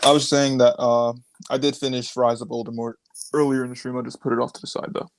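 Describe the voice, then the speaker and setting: A man's voice: medium pitch, flat delivery, fast talker, no room sound. A man with a mid-range voice co-hosts a laid-back live chat, teasing the others and defending himself in jest. His voice comes in dry and close over a phone connection. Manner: joking, playfully defensive. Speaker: co-host. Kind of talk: casual live-stream chat. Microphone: phone on mobile data.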